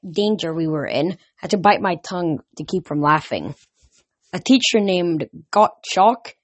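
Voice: medium pitch, no echo. A reader narrating a first-person adventure story casually, with slips and restarts. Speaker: audiobook reader.

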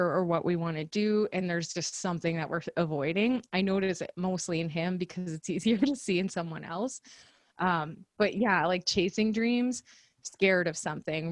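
Telling a story during casual podcast chat, this woman co-host laughs a lot. Her voice sits lowish, and there's no room sound.

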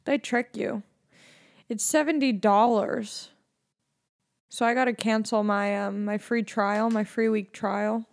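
Mellow-voiced young woman podcaster, rambling. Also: fairly high pitch. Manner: rambling, sarcastic, deadpan jokes. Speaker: podcast host. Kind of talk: casual comedic monologue.

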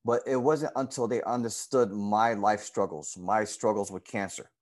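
A man in the guest's seat recounts his time coaching a girls' softball team. He speaks earnestly and with feeling, and his pitch leaps when he relives key moments. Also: moderate pace. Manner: earnest and emotional, lively pitch swings when retelling moments. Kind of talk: personal storytelling in an interview.

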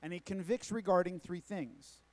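A man preaches to his congregation, driving points home through repetition and pointed questions. His voice sits noticeably high for a man. The sound is dry and close, with little room echo. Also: normal speed. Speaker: pastor. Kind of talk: sermon. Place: church sanctuary.

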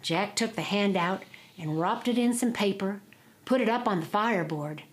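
A woman, telling an old folk tale in a drawling, expressive oral style. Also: medium pitch, moderate pace. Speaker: storyteller.

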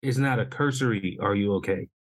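A man's voice: fairly low pitch, a little fast, no room sound. A man co-hosting a podcast in casual, earnest chat who often checks in with his listener. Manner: earnest, often asks "you know what I'm saying?". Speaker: podcast co-host.

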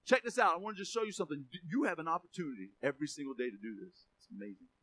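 A man's voice: on the high side, animated, very fast, bright, forceful tone. A man preaching a sermon to his church, emphatic, often repeating words and asking for an amen. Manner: emphatic, repeats words, asks congregation for amens. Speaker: pastor.

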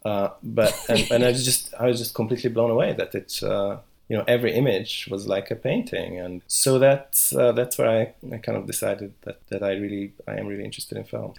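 A man's voice: on the low side, steady tone, a little fast, gravelly, few pauses, a little mellow. A middle-aged man, a philosopher, talking as a podcast guest with many restarts and hesitations. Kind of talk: podcast interview.

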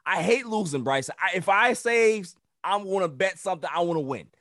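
A man hosting a casual sports podcast, animated and playfully protesting with easy laughter. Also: high voice, normal speed, no echo, studio quality. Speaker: podcast host.

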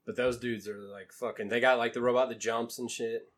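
A man's voice: mid-range voice, steady tone, a little fast, crowd noise. A man co-hosting a casual chat, loose, profane and joking.

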